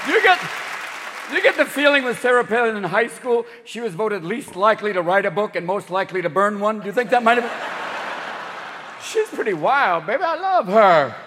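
A male stand-up comedian works the room with a high voice that leaps all over the place. He talks in a rapid, manic rush and keeps slipping into character voices. The recording carries a long echo and a loud, laughing audience behind him. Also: lively intonation, noisy background. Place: live comedy club stage. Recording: echoing venue, loud crowd laughter.

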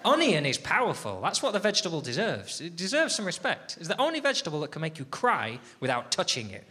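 Animated, sweary male comedian. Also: a little high, quick pace. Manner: sweary, exasperated, animated storytelling. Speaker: stand-up comedian. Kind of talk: stand-up comedy routine. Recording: loud background noise.

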